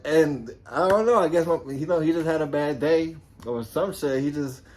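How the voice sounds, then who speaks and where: A man's voice: a little high, moderate pace. A man who used to be a police officer, telling a story casually, swearing a lot and acting out the voices of people in it. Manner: profane and animated, acts out quoted voices.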